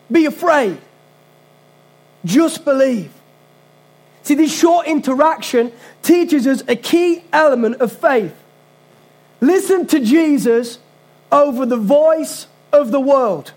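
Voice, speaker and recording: A man preaching a sermon as pastor, earnest and conversational, with casual asides to the congregation. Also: extremely high pitch.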